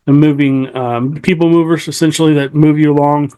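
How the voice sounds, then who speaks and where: A man's voice: fairly high pitch, fairly even intonation, brisk, mellow, smooth. A man hosting a casual interview podcast, laid-back, giving short encouraging replies. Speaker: podcast host.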